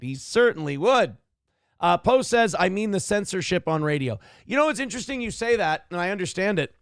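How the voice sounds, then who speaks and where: A man's voice: fairly high pitch, no echo, clean studio sound. A man hosting a live-streamed talk show who reads out donations in a rambling, profane, self-deprecating way. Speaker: show host.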